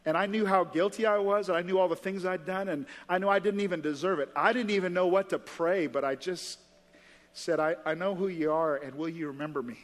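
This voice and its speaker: A man playing a pardoned criminal in heaven who marvels in halting restarts, in a sermon. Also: high-pitched, in a large hall, natural voice. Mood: grateful. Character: pardoned male criminal in heaven, awestruck and grateful.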